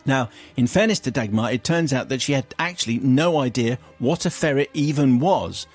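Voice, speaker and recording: Middle aged radio guy reading a letter on air, dry theatrical delivery, mid pitch, bit of music behind. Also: normal speed. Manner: wry and theatrical, breaking into laughter.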